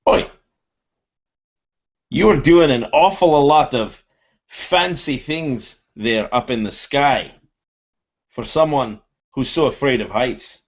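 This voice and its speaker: A man's voice: medium pitch, takes it slowly, long pauses, pitched above the performer's own voice. A man voicing a brash, hollering male adventurer, raising his voice well above his own, on a dull lo-fi recording. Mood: teasing.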